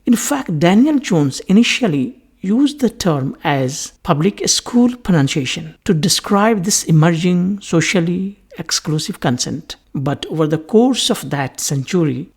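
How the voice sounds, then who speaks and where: Gravelly, husky lecturer voice. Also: mid-range voice, darkish tone. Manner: repeats key phrases and asks itself questions. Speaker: English teacher. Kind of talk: recorded lecture.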